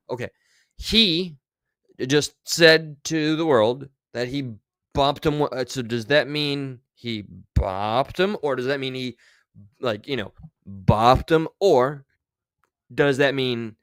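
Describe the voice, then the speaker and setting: A man's voice: mid-range voice, fairly bright tone, smooth, no echo. A man streaming, giving casual, sarcastic and rambling commentary on clips.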